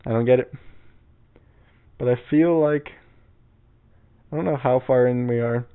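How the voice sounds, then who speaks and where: Gravelly young man, rambling crude podcast. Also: medium pitch, unhurried, pauses often. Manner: rambling, crude, laid-back. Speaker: podcast host. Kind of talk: casual solo podcast storytelling. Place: his bedroom. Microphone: old mic on a stand. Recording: tinny phone-like sound.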